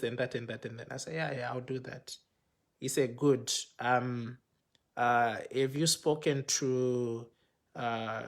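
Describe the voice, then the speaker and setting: A man's voice: on the high side, a bit bright. A man, a pastor, telling a personal story on a livestream, acting out the quoted exchanges with animation. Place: home, speaking to a phone for a live video. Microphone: phone microphone.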